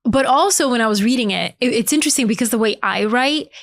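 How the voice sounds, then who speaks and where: Playful, laughing woman with a slightly high voice. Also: fast. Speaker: author's wife and editor. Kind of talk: casual chat.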